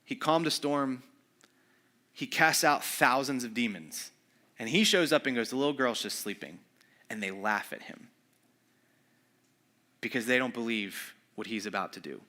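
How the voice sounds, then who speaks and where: A male pastor preaching in a relaxed, conversational style. His voice is bright and forward, sitting at a middle pitch, and he slips into quoted lines as if playing the people in the story. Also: measured pace, long pauses. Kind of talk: sermon.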